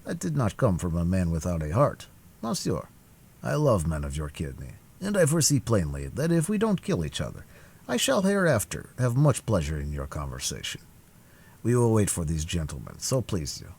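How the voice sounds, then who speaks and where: Dignified musketeer, low, husky and quiet, read by a man. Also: wildly swooping pitch, normal speed, heavily acted. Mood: approving. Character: older male musketeer, calm, dignified, wounded.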